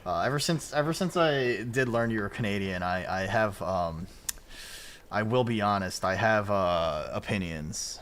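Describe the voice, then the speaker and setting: A man chatting casually while streaming a game, swinging between loud outbursts and mumbled asides. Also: lowish voice, lively intonation, unhurried, slight background noise. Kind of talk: casual gaming livestream chat.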